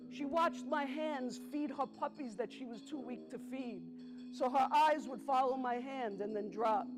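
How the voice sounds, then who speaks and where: A middle-aged woman from the Bronx, telling stories on a theatre stage and talking straight to the audience, slowing down for emphasis. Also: high-pitched. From the Bronx, New York. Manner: conversational, talks directly to the audience, slows for emphasis. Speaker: solo stage performer. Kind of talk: theatrical storytelling to a live audience.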